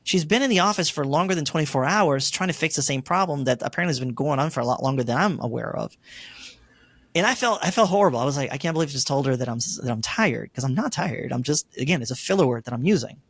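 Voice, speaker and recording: A man's voice: mid-range voice, fast, few pauses, dry recording. A middle-aged man telling a personal story as an interview guest, acting out the lines he and others said. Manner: animated storyteller, acts out his own quoted lines.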